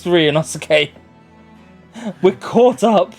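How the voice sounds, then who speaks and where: Guy streaming a story game, sarcastic, swears a bit, really bouncy pitch. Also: lively intonation, slow, pauses often, faint music behind. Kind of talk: casual let's-play chat.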